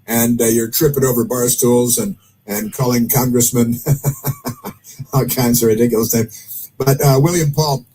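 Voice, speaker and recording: A man's voice: medium pitch, steady tone, moderate pace, mellow, slight background noise, rough recording. A man hosting casual political commentary, rambling with many fillers and dry sarcastic asides. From United States.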